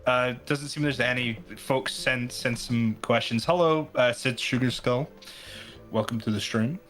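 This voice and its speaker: A man's voice: medium pitch, unhurried, fairly bright tone, soft background music. A man guest-hosting a live stream, talking casually and hesitantly with many restarts. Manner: hesitant, full of restarts, laughing easily. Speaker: guest co-host.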